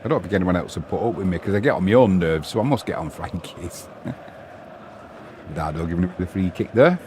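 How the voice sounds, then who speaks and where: A middle-aged Englishman with a fairly low voice hosts a casual live football stream. He chats loosely and banters with viewers between bits of match commentary, over a faint hum of noise behind him. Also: expressive, moderate pace, darkish tone. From England. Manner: chatty, bantering, reads viewer messages aloud.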